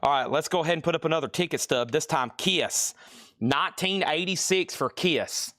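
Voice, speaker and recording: A man hosting a live-stream record auction, rattling off prices and bids in quick, playful sales patter. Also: on the high side, a bit bright.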